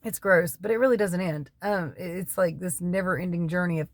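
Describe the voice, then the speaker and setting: A woman's voice: on the low side, brisk, no room sound. A middle-aged woman from North Carolina with a Southern accent, chatting casually to her viewers, folksy and rambling off on tangents, coughing now and then from allergies. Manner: folksy, laughs between remarks. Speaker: keto diet vlogger. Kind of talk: casual chat to camera.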